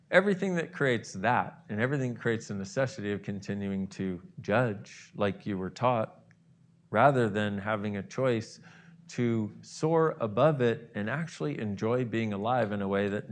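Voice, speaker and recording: A man's voice: mid-range voice, slight background noise. A man speaking as a self-help host, leading listeners through an imagined morning and voicing their inner reactions with gasps and exclamations. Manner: animated, acts out inner voices with gasps and exclamations. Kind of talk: guided visualization talk.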